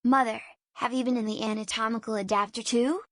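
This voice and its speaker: A man squeaking as a tiny silly baby bat. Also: fairly even intonation, brisk, fairly bright tone, no echo, studio quality. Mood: curious.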